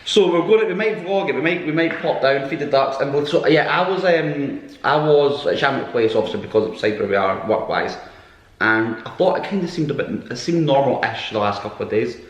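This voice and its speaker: A man's voice: mid-range voice, lively intonation, fairly quick, dull audio. A man co-hosting a podcast at home, chatting casually and teasing, with many restarts. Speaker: podcast co-host. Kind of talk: casual chat. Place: room at home. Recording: roomy echo.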